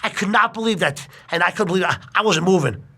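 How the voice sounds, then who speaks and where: A middle-aged man telling a long personal story in casual chat, animated and full of swearing. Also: sits high, fast, breathy edge.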